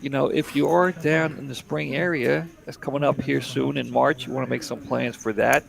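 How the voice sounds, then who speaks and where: A man's voice: medium pitch, fairly even intonation, normal speed, creaky, crowd noise. A middle-aged man from Delaware giving laid-back, chatty play-by-play commentary on a live poker broadcast.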